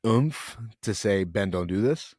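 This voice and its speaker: A young man, a podcast guest, telling an emotional personal story in an earnest, halting way. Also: on the low side, animated, a little mellow, dry recording, clean studio sound. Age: young adult.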